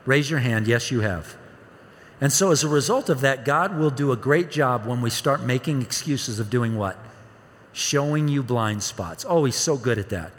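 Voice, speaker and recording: Husky-voiced preaching man in a hall. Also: mid-range voice, expressive, normal speed. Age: 50s. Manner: preaching with dramatized quotes and audience questions. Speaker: pastor. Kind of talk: sermon. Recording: long hall reverb.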